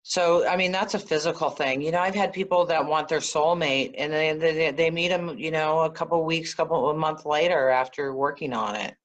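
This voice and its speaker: A woman guest, an energy healer, telling stories in a conversational interview, animated and often laughing. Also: low-pitched, moderate pace, hardly any pauses, lo-fi sound. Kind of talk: conversational storytelling.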